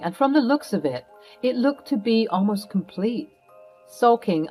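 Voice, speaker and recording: A woman's voice: fairly low pitch, a little mellow. A woman narrating a scripted first-person story in a dramatic, emotional way, over faint music.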